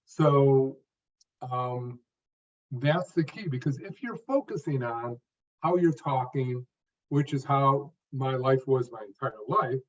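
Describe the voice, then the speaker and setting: Recorded from afar with the highs cut off, a slow, mid-range male voice belongs to a stuttering coach, 50s or older, who is a guest in an interview. He explains his method and how he learned to speak, phrase by distinct phrase, each stressing a word near its end.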